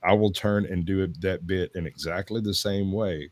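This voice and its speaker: Southern US man, co-host, very low pitch, close dry mic, rambling chat. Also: normal speed, darkish tone, no echo. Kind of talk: casual chat.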